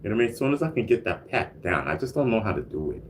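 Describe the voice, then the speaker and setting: Speaking very fast in a lowish, sing-song voice, this livestream host chats loosely and reads out comments from viewers. His manner is relaxed, full of laughs, coughs and repeated "you know what I mean"s. A little hiss or hum sits under his single-mic stream.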